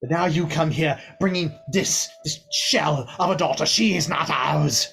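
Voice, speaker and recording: A proud high elf lord, as a man plays him, speaks slowly and with weight. His husky voice stays haughty and stern. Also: fairly bright tone, faint music behind, heavily acted. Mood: grieving. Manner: haughty, slow, emphatic.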